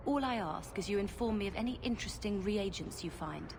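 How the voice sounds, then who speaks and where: A poised, genteel potion dealer from a fantasy game, sly and courteous,. She speaks at a middling pitch with a smooth manner. The game audio under her is noisy. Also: lively intonation, a little fast. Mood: businesslike.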